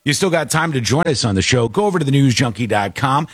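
A man's voice: mid-range voice, animated, quick pace, a bit bright, slightly rough, dry recording. A man hosting a talk show, chatting casually and rambling with frequent restarts. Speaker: show host. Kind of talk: casual commentary chat.

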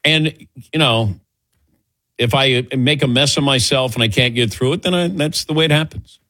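A man's voice: mid-range voice, moderate pace, pushed and bright, no room sound. A man hosting a call-in radio show, chatting casually with co-hosts and callers. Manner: easygoing, fond of acting out quoted exchanges.

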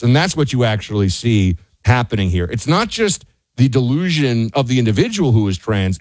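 A man's voice: medium pitch, darkish tone, no echo. A man co-hosting a talk radio show, arguing his points in an emphatic, sarcastic way. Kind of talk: opinionated talk radio commentary.

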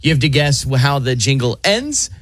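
A man leading a radio guessing game, pausing on "uh" often, with a pitch that jumps around a lot. The voice is close and dry. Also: very animated, dry recording. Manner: hesitant, many "uh" fillers. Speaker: radio show game runner. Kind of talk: casual radio banter.

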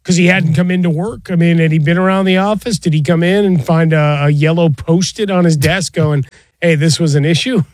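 Man, co-host, slightly high voice, conversational, dry recording. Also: fairly even intonation, a little fast, a little mellow, no room sound.

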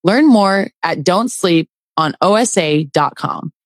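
A woman reading a scripted advertisement in a calm, informative way. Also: lowish voice, slow pace, no room sound, studio quality. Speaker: ad announcer. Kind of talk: scripted ad read.

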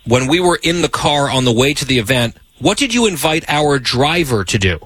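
A man's voice: medium pitch, very animated, normal speed, fairly bright tone, husky, no room sound. A man hosting a show, teasing his producer with wry humor in casual chat. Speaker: show host.

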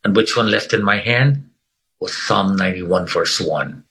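A man's voice: deep voice, measured pace, fairly bright tone, poor audio. A middle-aged man telling his life story in conversation, earnest and emphatic, repeating phrases for weight. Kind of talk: personal testimony in conversation.

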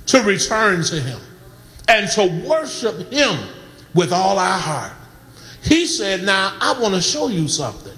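A man preaching a sermon as pastor, building to shouts and calling on the congregation to respond. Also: sits high, sing-song, measured pace, reverberant, long reverb tail, poor audio. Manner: preaching with rising shouts and audience calls.

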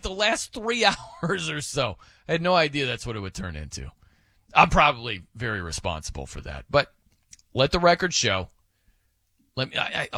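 A man's voice: a little high, bright, forceful tone, dry recording. A man hosting a sports radio show in casual, rambling, self-amused banter at a studio microphone.

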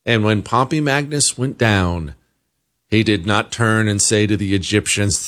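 A man's voice: fairly low pitch, measured pace, a bit bright. An American man hosting a talk show, delivering an opinionated monologue that is full of emphatic rhetorical questions. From United States. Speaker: political talk show host.

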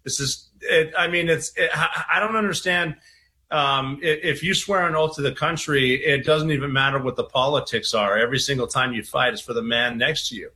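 A man speaking as a veteran guest in an interview clip, earnest and halting. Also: mid-range voice, bright, forceful tone.

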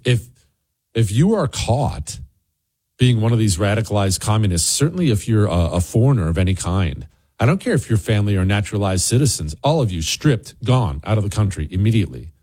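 A man's voice: on the low side, sing-song, fairly quick, a little mellow, slightly rough. A man hosting a political talk show, delivering an indignant, ranting commentary monologue.

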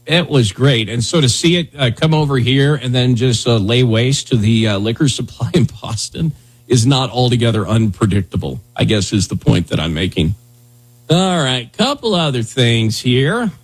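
A man's voice: medium pitch, expressive, moderate pace, breathy edge. A man hosting a talk show, chatting loosely and rambling with lots of "dude" and "man". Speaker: radio show host. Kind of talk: casual talk radio banter.

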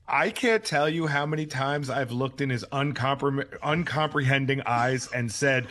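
A man on a sports radio show, joining from a remote home setup, telling stories in a loud and excitable way. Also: medium pitch, a little slow. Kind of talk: casual sports radio chat.

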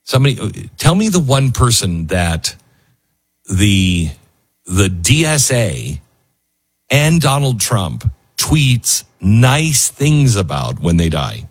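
A male radio host, husky and on the low side, takes his time with a sing-song delivery during casual on-air talk. He's loose and emotional, restarting often and filling gaps with fillers, and there's no room sound.

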